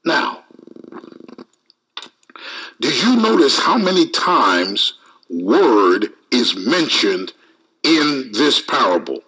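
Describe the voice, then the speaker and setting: A man's voice: mid-range voice, extremely slow, long pauses, poor audio. A man preaching a sermon, reading scripture aloud and calling out to the congregation. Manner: lively preaching with call-outs and scripture reading.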